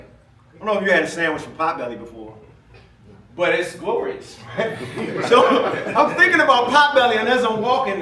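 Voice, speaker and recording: High, lively man telling stories in an echoey hall. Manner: playful, laughs often, acts out shouted quotes. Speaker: speaker at an event. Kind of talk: animated storytelling speech. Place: event hall with a live audience. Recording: echoey room from far off, noisy.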